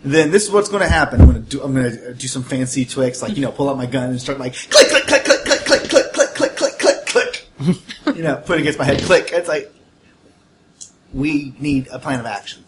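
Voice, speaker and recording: A man's voice: mid-range voice, fairly quick, slight background noise. A man playing a tabletop game, rambling and joking as he lays out plans. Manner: rambling, joking, lots of fillers. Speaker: player. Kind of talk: casual tabletop game chat.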